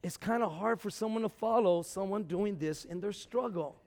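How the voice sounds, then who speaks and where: A man preaching a sermon in a very high voice. He swings from shouted lines down to near-murmured ones and often stumbles into repeated words. His voice carries a long hall reverb from the church. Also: normal speed, few pauses. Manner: swings from shouting to low, quiet talk; repeats words, stammers on restarts.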